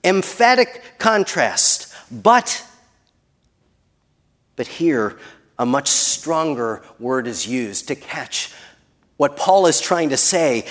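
A man preaching a sermon who builds to emphatic peaks and then drops very soft. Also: a little high, very animated, slow pace. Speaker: pastor.

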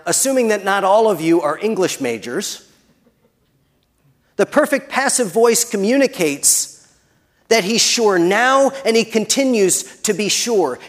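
A man preaching a sermon who builds to emphatic peaks and then drops very soft. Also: high-pitched. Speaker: pastor.

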